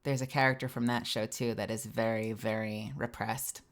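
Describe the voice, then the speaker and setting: Low-voiced woman chatting about voice acting. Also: normal speed. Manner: animated, swears freely, explains voice acting. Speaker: streamer and voice actor. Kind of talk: casual live-stream chat.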